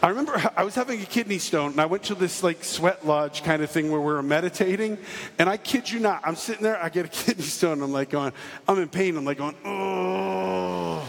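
A man giving a jokey storytelling talk to a live audience, acting out the people in his story. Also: sits high. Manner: animated, jokey, acts out quotes. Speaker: speaker giving a testimony talk. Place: large hall on stage. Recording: reverberant hall with faint ambience.

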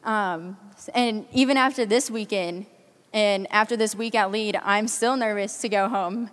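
Eighteen-year-old woman, earnest chatty testimony at a youth event, smooth clear voice, hall reverb. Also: medium pitch, measured pace, a bit bright. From Kansas City area, US Midwest. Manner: earnest, frequent ums, chatty storytelling. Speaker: youth conference speaker giving testimony. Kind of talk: personal faith testimony to a crowd.

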